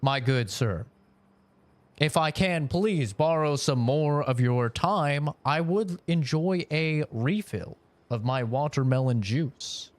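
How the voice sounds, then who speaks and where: A man's voice: on the high side, lively intonation, slow pace, no room sound. A man voicing an overly polite, formal male customer, using stiff, exaggeratedly courteous diction.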